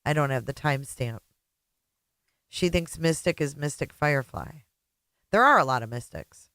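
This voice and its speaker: A woman hosts a casual livestream and chats with her viewers in a joking, teasing way. Her voice is smooth and clear. The sound is dry and close to the mic. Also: deep voice, animated, normal speed, fairly bright tone, dry recording. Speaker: host.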